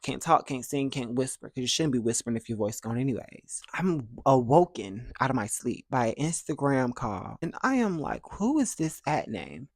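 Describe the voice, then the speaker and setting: Dry, animated storytelling young man. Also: medium pitch, moderate pace, hardly any pauses, dry recording. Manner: animated, acts out other people's dialogue in playful voices. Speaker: vlogger. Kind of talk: casual storytime vlog.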